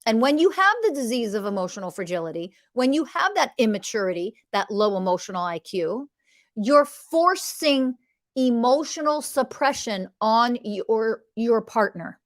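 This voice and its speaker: A woman's voice: on the high side, very animated, normal speed, hardly any pauses. A woman hosting a podcast who teaches about relationships in an impassioned monologue, blunt and emphatic, swearing freely and acting out what partners say.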